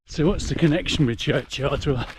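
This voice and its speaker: A man's voice: fairly high pitch, moderate pace. A middle-aged man giving a chatty, explanatory commentary while running a muddy rural trail. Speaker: vlogger. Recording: noisy outdoor recording.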